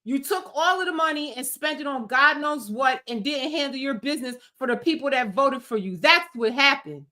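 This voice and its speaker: A woman's voice: sits high, expressive, normal speed, few pauses, pushed and bright. A woman streamer giving heated, scolding political commentary in an emphatic rant. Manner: angry, scolding, emphatic rants.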